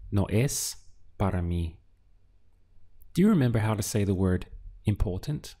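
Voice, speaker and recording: A man teaching a beginner language lesson, drilling words syllable by syllable with patient pauses. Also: on the low side, lively intonation, warm tone. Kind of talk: slow, deliberate language lesson.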